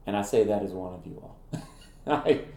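A middle-aged man, a ministry founder and former campus minister, telling stories in an interview in an animated way, laughing at himself. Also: lowish voice, moderate pace, roomy sound. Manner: animated, acts out quoted voices, laughs at himself. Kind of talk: conversational interview storytelling.

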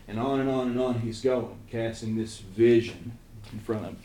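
A man with an Eastern Kentucky accent, a church missions pastor telling his calling story to a small group in earnest, halting speech. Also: mid-range voice, fairly even intonation, darkish tone. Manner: earnest storytelling with frequent restarts. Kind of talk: casual testimony to a small group. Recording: roomy echo, faint room noise.

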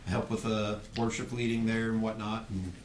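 A man who helps lead worship at his church, briefly introducing himself in a plain, low-key way. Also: steady tone, moderate pace. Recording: echoey room, off-mic, faint noise.

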